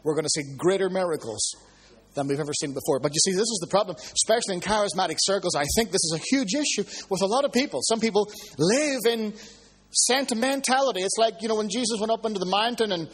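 A man preaching a sermon, telling stories with lively swings between hushed and high exclamations. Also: quick pace, breathy edge.

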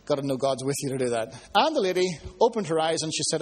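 A man preaching a sermon, telling stories with lively swings between hushed and high exclamations. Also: quick pace, few pauses.

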